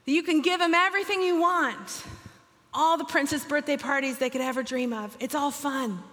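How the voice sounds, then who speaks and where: A woman tells a story to an audience in a lively way, putting on the voices of the people in it. She is emotional and near tears at the moving parts. Her voice carries the long reverb of a large hall. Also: high-pitched, normal speed. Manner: emotional, tearful at moving moments.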